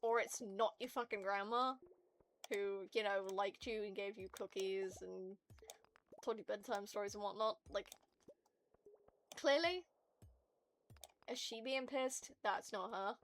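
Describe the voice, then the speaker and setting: A woman streaming to her viewers in casual chat, ranting in an animated and profane way. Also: mid-range voice, a little slow, pauses often, a little hiss or hum.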